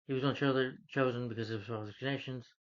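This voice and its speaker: A man's voice: medium pitch, steady tone, fast. A man casually retelling a film's plot as a reviewer, rambling, with frequent restarts. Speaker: film reviewer. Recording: dull lo-fi recording.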